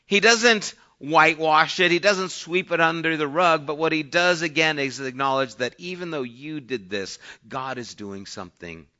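A man preaching a sermon who reads scripture aloud and explains it conversationally, swinging between soft asides and emphatic points. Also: fairly high pitch, normal speed, few pauses, lo-fi sound. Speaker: pastor.

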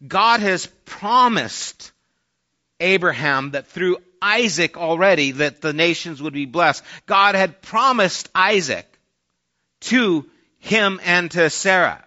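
A male pastor preaching in a casual, storytelling manner, slipping into the voices of the people he describes. His voice is bright and sits a little high for a man. The recording is dull and lo-fi. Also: expressive, takes it slowly. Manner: conversational preaching, acting out quoted voices. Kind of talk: sermon. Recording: dull lo-fi sermon audio.

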